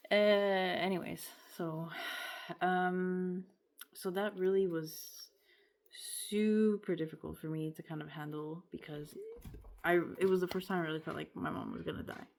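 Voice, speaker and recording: Low-voiced woman venting candidly. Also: fairly even intonation, unhurried, creaky, darkish tone. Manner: rambling, candid, swears often. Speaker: vlogger. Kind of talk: casual confessional vlog.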